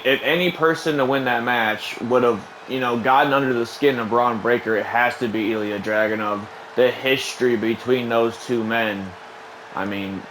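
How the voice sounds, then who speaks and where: A young man hosting a show and calling wrestling play-by-play over a video game, getting louder and more excited on the big moves. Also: mid-range voice, noisy background.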